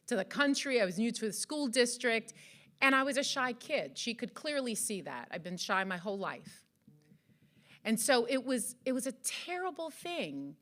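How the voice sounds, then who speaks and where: An animated woman from Jamaica speaks slowly and earnestly to an audience at an event. Her bright, fairly high voice rises and falls, and she asks many rhetorical questions. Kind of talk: motivational speech to an audience. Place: event hall.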